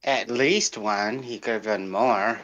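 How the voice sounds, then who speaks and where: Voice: medium pitch, slow pace, a bit bright. Eager player on a dull lo-fi mic. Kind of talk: casual tabletop game play.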